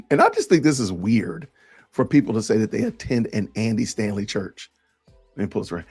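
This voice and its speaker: A man's voice: fairly low pitch, very animated, brisk, darkish tone, husky, soft background music. A man hosting a podcast, reading out comments and answering them in an emphatic, sarcastic way. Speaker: podcast host.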